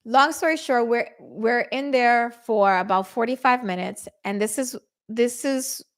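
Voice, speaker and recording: Woman host, middle-aged, animated storytelling, slightly high voice. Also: a little slow. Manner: animated, acts out quotes with voice shifts. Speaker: podcast host. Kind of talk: casual storytelling to listeners.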